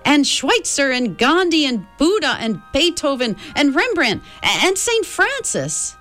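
A woman's voice: medium pitch, wildly swooping pitch, slow, fairly bright tone, soft background music, voice pushed up, exaggerated voice. A woman voicing an eager teenage boy who lists names with rising emphasis, in a storybook reading. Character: eager teenage boy, tentative then confident.

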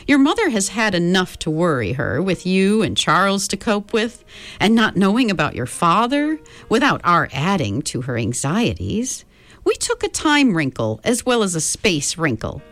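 A woman's voice: mid-range voice, big pitch swings, normal speed, dry recording, soft background music. A woman voicing a cheerful, motherly old female being from the stars who reassures children. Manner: bright, coaxing, reassuring.

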